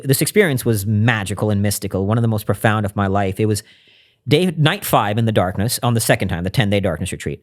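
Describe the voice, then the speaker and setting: Earnest, low-voiced man telling his story. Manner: earnest and reflective, drops to a hushed voice when recounting intimate moments. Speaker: podcast guest. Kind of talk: conversational interview storytelling.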